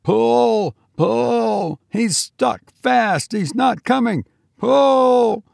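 A man shouting as a frantic well worker. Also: high-pitched, animated, extremely slow, creaky, dry recording, studio quality, voice pushed up, full character voice. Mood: desperate. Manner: shouting desperately.

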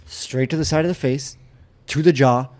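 A man's voice: mid-range voice, normal speed, a little mellow. Casual young man, swearing as he tells a story. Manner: casual, profane, acts out quotes and punch sounds. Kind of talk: casual chat.

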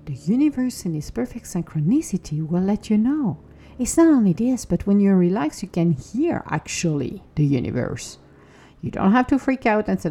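A woman's voice: medium pitch, very animated, moderate pace, warm tone, slightly rough. A woman hosting a spiritual podcast, talking in an earnest, encouraging way about trusting the universe, sometimes acting out anxious inner voices. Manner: earnest, encouraging, slips into acted inner-voice quotes. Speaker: podcast host. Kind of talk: reflective spiritual podcast talk.

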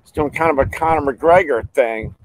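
Animated man telling a story. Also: normal speed, poor audio. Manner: animated, acts out quotes with big pitch jumps; repeats words and restarts often. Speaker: podcast host. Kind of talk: casual storytelling.

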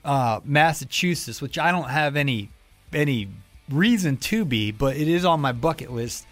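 A man's voice: fairly high pitch, lively intonation, moderate pace, fairly bright tone, no room sound, soft background music. A man hosting a podcast, chatting casually in a rambling way with many restarts. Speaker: podcast host. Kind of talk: casual interview chat.

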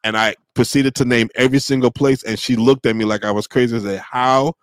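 A New York-raised man in his forties hosts a podcast in relaxed conversation, telling stories animatedly and acting out the voices of the people in them. His voice is medium-pitched and fairly quick, with no room sound.

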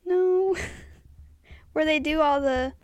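A woman with a high, bright-sitting voice hosts a casual podcast chat. She talks in halting bursts and fills gaps with hesitations. The sound is dry and close, with no room around it. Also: steady tone, dry recording, muffled recording. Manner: halting, searches for words with many fillers. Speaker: podcast co-host.

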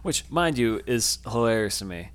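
A man's voice: medium pitch, animated, normal speed, a bit bright. Podcast guy poking fun at a show, kinda incredulous, talks to the listeners. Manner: joking, incredulous, addresses listeners. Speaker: podcast co-host. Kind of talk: casual chat recapping a TV episode.

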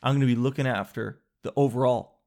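A man voicing a cheerful, smooth-talking mechanic who upsells, in a lower, hushed, salesy tone. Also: steady tone, fast talker, close to an everyday voice. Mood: persuasive.

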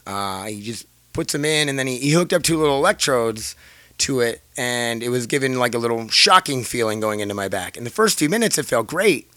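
A man's voice: medium pitch, lively intonation, a little fast, bright, forceful tone, no echo. A man casually telling viewers a rambling, profane story, laughing often, his throat a little scratchy.

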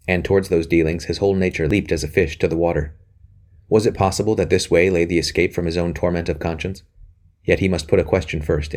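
A man narrating a historical novel, measured and earnest. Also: low voice, darkish tone. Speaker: audiobook narrator. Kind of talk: scripted narration.

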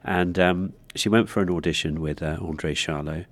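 A man with a very deep voice recounts history as an interview guest. He pauses often and fills gaps with ums and uhs as he thinks. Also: fairly even intonation. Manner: hesitant, with fillers. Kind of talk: interview storytelling.

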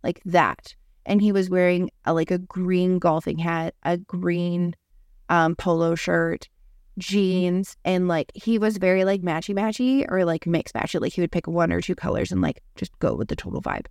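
A woman's voice: lowish voice, normal speed, a little mellow, no room sound, studio quality. A woman hosting a podcast, telling a personal story in a casual, chatty way, full of "like". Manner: chatty, heavy use of "like". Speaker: podcast host.

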